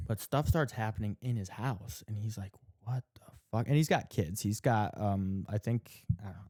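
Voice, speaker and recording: Guy with a lowish mellow voice retelling a creepy show, swears nonstop, lots of "like", dry close sound. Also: moderate pace, dry recording. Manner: heavy swearing, many "like" fillers, acts out quotes. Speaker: podcast co-host. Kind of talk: casual chat, retelling a show's plot.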